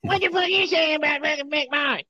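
High, sharp-edged impression of an angry aging rock frontman; profane, shouty, dull lo-fi audio. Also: quick pace, over a noisy crowd. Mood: furious. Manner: profane ranting, shouting insults. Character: furious foul-mouthed aging male rock singer.

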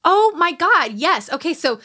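A woman hosting a casual podcast chat, retelling a memoir with lively, animated storytelling, acting out the quotes and swearing freely. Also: extremely high pitch, a little slow. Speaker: podcast host recapping a memoir.

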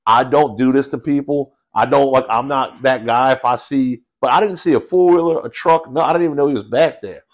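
In casual podcast chat, a man tells a story in an animated, slangy way, calling people "bro" and "dude." His voice sits at medium pitch and moves a little fast, with few pauses.

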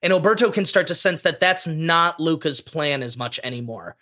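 A man with a high, bright, sharp voice chats casually as a podcast co-host. He gushes and gets openly emotional, piling on feeling. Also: lively intonation, moderate pace. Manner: effusive, emotional, gushing. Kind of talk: casual movie discussion.

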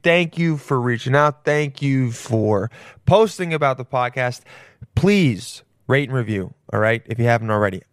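Young man, podcast host, casual rambling intro, profane, jokey, mid pitch, dry close sound. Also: dry recording.

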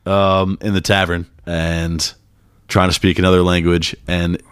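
A man co-hosting a casual movie podcast, talking in a low-key, measured way. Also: flat delivery, fairly bright tone, smooth, no room sound, studio quality. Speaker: podcast co-host.

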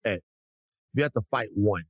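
A man's voice: lowish voice, normal speed, husky, no room sound. A male podcast co-host telling a story with energy and profanity, acting out the people in it. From Africa. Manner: lively, profane, mimics people in his stories. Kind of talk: animated storytelling chat.

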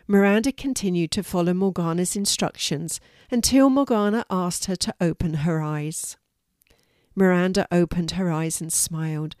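An older woman narrating a children's story in a gentle, measured way. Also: fairly low pitch, no room sound, studio quality.

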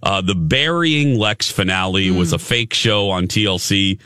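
A man hosting a morning radio show, chatting casually and in an animated way while losing his voice. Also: low voice, no echo, clean studio sound. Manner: animated, chatty, quick to laugh. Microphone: studio microphone.

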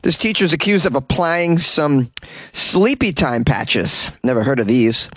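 A man's voice: a little high, lively intonation, unhurried, a bit bright, no room sound. A man hosting a comedy news podcast, reading stories and breaking in with sarcastic, mock-outraged jokes and frequent laughs. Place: small closet.

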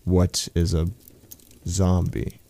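An ancient, sinister clawed monster, voiced by a man, speaks in a very low, gravelly voice. The tone is dark and the delivery slow and menacing, as in a spooky storybook reading. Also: fairly even intonation.

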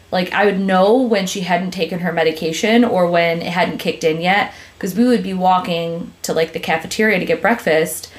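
A young woman hosting a podcast in casual chat, telling animated stories with swearing and frequent laughter. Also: lowish voice. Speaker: podcast host.

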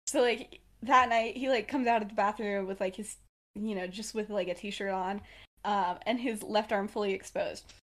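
A woman's voice: medium pitch, steady tone, moderate pace, fairly bright tone. A young woman co-hosting a podcast, casually retelling her fan-fiction story with many fillers and frequent laughs. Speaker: podcast co-host.

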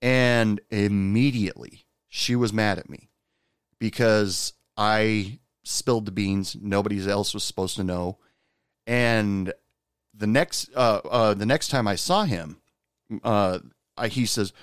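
A man's voice: lowish voice, measured pace, clean tone, dry recording, studio quality. A man casually telling a candid, confessional personal story at an easy pace.

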